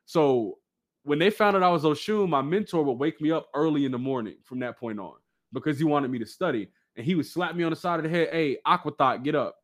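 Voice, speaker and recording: A man telling a personal story in casual chat, animated and slangy. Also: fairly high pitch, fast. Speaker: guest.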